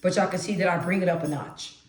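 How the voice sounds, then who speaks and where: A woman vlogging straight to camera, with a naturally deep voice she lifts a notch as she talks emphatically. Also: quick pace, echoey room. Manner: emphatic, animated, conversational. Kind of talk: direct-to-camera monologue.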